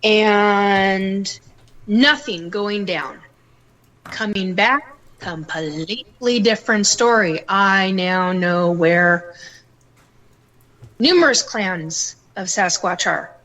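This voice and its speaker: A middle-aged woman, a psychic guest, telling her stories in a casual and animated way and acting out the voices in them. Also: medium pitch, drawn-out words, poor audio. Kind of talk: casual storytelling interview.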